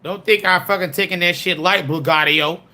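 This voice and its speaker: A man's voice: high-pitched, steady tone, moderate pace, bright, forceful tone. A man hosting his own show, talking in a brash, profane and boisterous way and often laughing. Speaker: show host. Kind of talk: casual reaction commentary.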